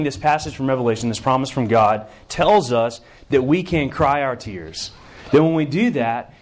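A middle-aged man preaching a sermon in a conversational, self-deprecating way, with many fillers. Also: medium pitch. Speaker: campus minister.

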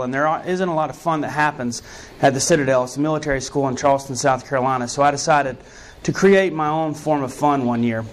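A man preaches as a pastor, easing into personal stories in a conversational style. He leans into his points with earnest emphasis. His voice sits a touch high for a man. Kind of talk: sermon.

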